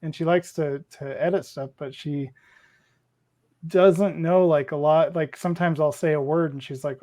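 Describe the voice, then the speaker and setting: A man's voice: a little high, steady tone, mellow. A man from Washington State with a Pacific Northwest accent, telling rambling stories with lots of fillers in casual livestream chat. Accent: Pacific Northwest American. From Washington State, USA. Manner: rambling storyteller, halting, with many fillers. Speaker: livestream co-host.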